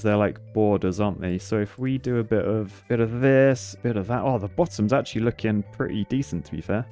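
A young man chatting excitedly as he thinks aloud through a puzzle game. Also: lowish voice. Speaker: gaming YouTuber. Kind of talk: casual let's-play commentary.

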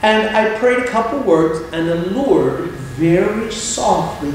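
A middle-aged man, an evangelist, telling a story in a sermon with lively humorous asides, recorded in a church hall. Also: high-pitched, slow, slight background noise. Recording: very echoey hall, faint ambience.

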